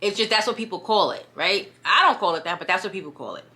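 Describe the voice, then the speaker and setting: A young woman with a clear New York accent talks casually to her camera, chatty and animated. Her voice is bright and forward, and she keeps checking in with "you know what I mean?". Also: mid-range voice, quick pace. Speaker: vlogger.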